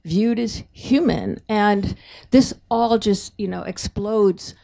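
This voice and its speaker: A woman asking a long question at a book talk, slow and searching, correcting herself as she goes. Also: mid-range voice, gravelly, dark tone.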